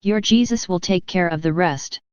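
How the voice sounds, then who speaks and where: A woman reading as a solemn, gentle Jesus. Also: fairly low pitch, smooth, no room sound, close to an everyday voice. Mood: earnest. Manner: solemn, measured reading of devotional speech. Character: Jesus, a gentle, earnest divine man. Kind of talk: devotional book reading.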